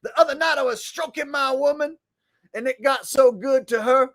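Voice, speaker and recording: Man doing a wild soul singer: high, shouty, rowdy. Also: moderate pace. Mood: boasting. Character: over-the-top soul singer impression, loud and rowdy.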